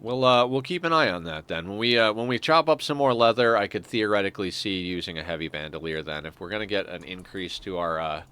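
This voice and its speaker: A man with a low, bright voice talks through a strategy game on stream. He thinks aloud, trailing off and restarting his sentences as he weighs each decision. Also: expressive, fast talker, few pauses, smooth. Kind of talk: casual gameplay commentary.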